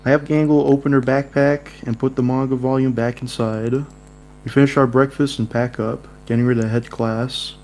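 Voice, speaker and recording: A man's voice: medium pitch, fairly quick. A young man reading a dating-sim game aloud with friends, joking and laughing between lines. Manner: laughing, jokey, animated asides. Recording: mains hum behind.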